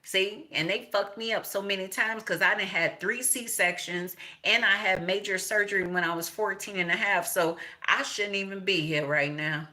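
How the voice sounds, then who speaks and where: A woman's voice: medium pitch, moderate pace, few pauses, sharp tone. A middle-aged woman, talking in a blunt, profane, rambling monologue with laughing asides. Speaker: tarot reader.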